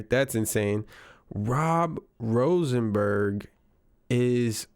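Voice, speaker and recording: A man's voice: medium pitch, measured pace, clean tone, no room sound, clean studio sound. A man giving casual reaction commentary on news clips, wry and incredulous, repeating lines for effect.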